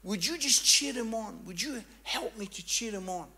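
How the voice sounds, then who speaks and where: A man doing a frantic older dad, urgent and pleading, high pitched, gravelly edge. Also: expressive, normal speed, bright, forceful tone, full character voice.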